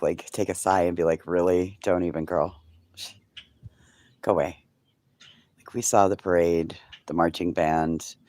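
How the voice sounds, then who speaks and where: A man's voice: low-pitched, darkish tone, no echo. A man hosting a casual morning livestream chat. He talks sarcastically, swears, and drops into whispered asides. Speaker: livestream host.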